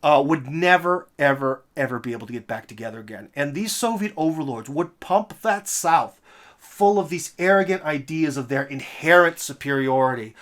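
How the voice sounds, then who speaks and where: Male host, slightly high pitch, emphatic rhetorical commentary with sarcastic asides. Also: animated, moderate pace, a bit bright. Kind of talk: political commentary monologue.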